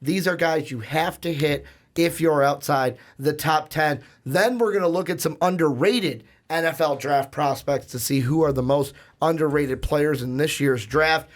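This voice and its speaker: A man with a hoarse, raspy voice from shouting, hosting a casual sports podcast and rambling through plugs and asides. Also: fairly high pitch, normal speed. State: hoarse, lost voice. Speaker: podcast host.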